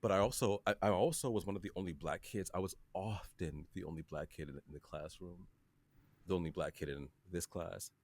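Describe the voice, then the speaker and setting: A man's voice: sits low, a little fast. A young man from Wisconsin, co-hosting a podcast in candid, reflective casual chat, swearing freely. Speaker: podcast co-host.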